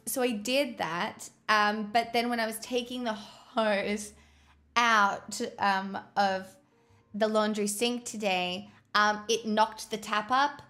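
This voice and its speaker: A woman's voice: medium pitch, fairly bright tone. Rambling, giggly woman streamer. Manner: rambling and giggly, addressing chat directly. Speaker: livestreamer. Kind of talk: casual chat to viewers.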